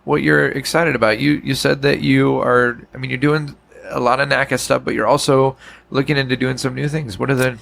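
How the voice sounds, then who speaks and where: A man hosting a casual podcast interview, upbeat and quick with affirmations. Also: medium pitch, level tone, vocal fry, a bit bright, slight background noise. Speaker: podcast host.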